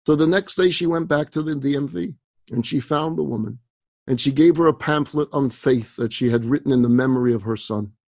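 A man's voice: medium pitch, fairly quick, darkish tone, no room sound. A man, a rabbi, telling an inspirational story dramatically, with emphatic asides and rhetorical questions.

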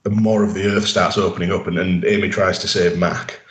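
A man's voice: low voice, flat delivery, brisk, roomy sound. A man co-hosting a casual podcast, recapping episodes at length with lots of fillers and restarts. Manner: rambling, enthusiastic recaps with many fillers. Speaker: podcast co-host. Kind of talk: casual chat.

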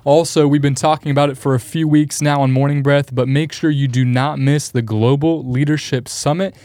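A man's voice: fairly high pitch, fairly even intonation, moderate pace, darkish tone, no echo, studio quality. A man co-hosting a church podcast, giving eager, promotional announcements. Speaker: co-host.

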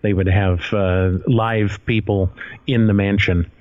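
A man in a casual podcast chat, telling stories in a slow, measured way. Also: on the low side, steady tone, no echo. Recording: dry, slightly muffled audio.

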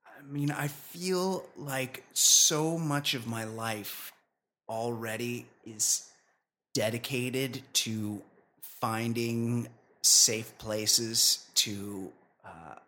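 A man co-hosting a comedy podcast, chatting casually and leaping up in pitch when he is incredulous. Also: drawn-out words, bright, forceful tone. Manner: incredulous, jumps high in pitch for emphasis. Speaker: podcast co-host.

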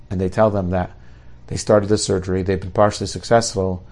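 A middle-aged man tells a story at a quick clip, his low voice carrying a gravelly edge. He speaks with animated energy and builds to excitement at the high points. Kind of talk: oral storytelling.

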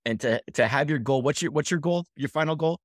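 A man's voice: on the high side, brisk, no echo, clean studio sound. A man hosting a podcast interview, chatting casually and cheering his guest on. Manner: encouraging, affirming, calls guest man. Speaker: podcast host.

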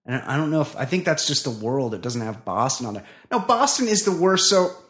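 A man's voice: mid-range voice, sing-song, a little fast, fairly bright tone. A man co-hosting a comedy podcast in casual banter, blunt with rambling asides. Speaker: podcast co-host.

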